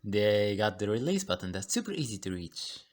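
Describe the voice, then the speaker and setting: A man's voice: lowish voice, sing-song, normal speed. A man with a thick foreign accent playing a cheerful, laid-back captive who chats with easy hesitations. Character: cheerful easygoing adult man, a fellow captive.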